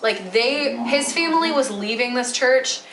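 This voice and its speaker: A woman's voice: fairly high pitch, lively intonation, a little slow, reverberant, noisy background. A woman in her twenties from Metro Detroit, chatting casually while she bakes at home, rambling with lots of fillers. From Metro Detroit, USA. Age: 20s. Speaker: vlogger. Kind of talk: casual chat while baking. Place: home kitchen.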